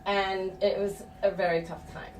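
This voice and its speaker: A woman's voice: medium pitch, level tone, normal speed, a little mellow, a little hiss or hum. A middle-aged woman telling a personal story live on stage, frank and profane and laughing at herself. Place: stage before a live audience. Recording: echoey room, distant mic, faint ambience.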